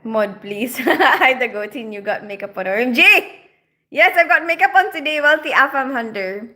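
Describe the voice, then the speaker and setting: Hosting a livestream from a camera-lit home, a Filipina woman with a mixed Filipino and British accent reads viewer comments and chats casually, laughing a lot. Her high-pitched voice is animated and sharp in tone, at normal speed.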